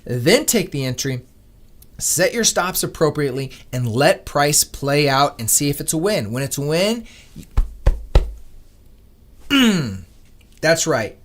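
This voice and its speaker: Man, earnest livestream host, motivational, slightly high voice. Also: sing-song, takes it slowly, long pauses, a bit bright. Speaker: day-trading livestream host. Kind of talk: casual livestream talk.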